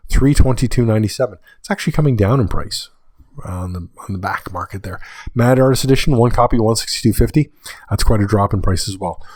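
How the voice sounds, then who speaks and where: A man's voice: mid-range voice, dry recording. Tired male podcast host reading prices. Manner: reads sale prices in a list, with dry asides. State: tired, late-night. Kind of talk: solo podcast monologue.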